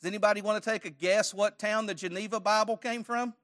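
A man's voice: high-pitched, fairly even intonation, fast talker, a bit bright. A man teaching a church Bible study lesson, conversational, quizzing his audience with questions and joking lightly.

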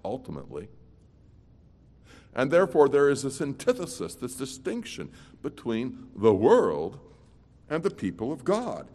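A man delivers an evening sermon as a pastor, his pitch rising and falling in a lively way. He moves between loud, emphatic declarations and quiet, low-voiced asides. His voice rings out with the long reverb of a large hall. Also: unhurried.

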